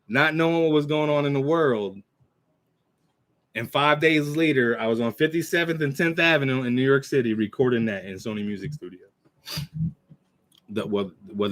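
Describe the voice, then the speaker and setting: A man's voice: mid-range voice, a bit bright. Rambling man in his forties. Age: 40s. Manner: rambling and loose, with many restarts and throat clearing; recites his own verses in a slow, measured cadence. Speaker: channel host. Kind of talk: casual talk to camera. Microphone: computer mic.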